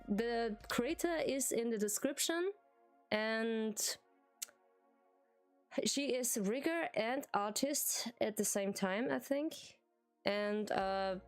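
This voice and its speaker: A woman's voice: mid-range voice, clean tone. A woman streamer with a German accent, a native German speaker, chatting casually in English with lots of hesitations and giggles. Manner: hesitant, giggly, many fillers and restarts. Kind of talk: casual live-stream chat.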